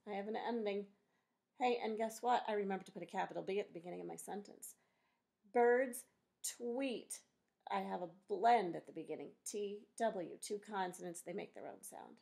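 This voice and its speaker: A woman teacher giving a recorded phonics lesson to young pupils, speaking slowly and encouragingly as she spells out letters and sounds. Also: a little high, creaky, darkish tone.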